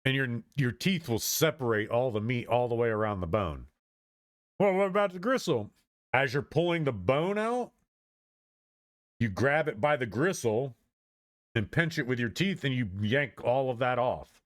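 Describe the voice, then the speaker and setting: Man, streamer, casual reaction commentary, lively pitch, dry close sound. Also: normal speed, no room sound. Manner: chatty, laughs often while reacting.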